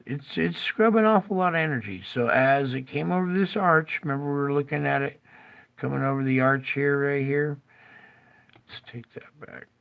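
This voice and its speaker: A man's voice: a little high, normal speed, gravelly, fairly bright tone, clear, resonant tone. A man hosting his own show, rambling in a tired, jokey way and often breaking off his own train of thought. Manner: rambling, jokey and self-interrupting. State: tired, yawning. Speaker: show host. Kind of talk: casual commentary over maps.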